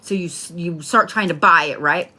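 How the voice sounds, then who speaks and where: A woman chats her way through a horoscope reading, blunt, playful and quick to swear. Her voice is bright and forceful, sitting a little low for a woman. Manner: blunt, profane, chatty, playful. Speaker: tarot and astrology reader. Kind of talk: casual spoken horoscope reading.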